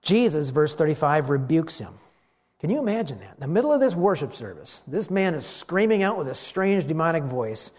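Lively high-voiced male preacher. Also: brisk. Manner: animated, acts out the voices in the story; preaching to a live congregation. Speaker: pastor. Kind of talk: sermon.

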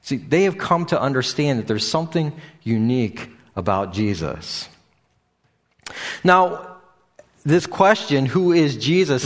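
A man delivering a sermon at a middle pitch. He talks off the cuff, stopping often on fillers and restarting phrases as he works through his point. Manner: unscripted, with frequent fillers and restarts. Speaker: preacher. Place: church or meeting room with a screen behind him.

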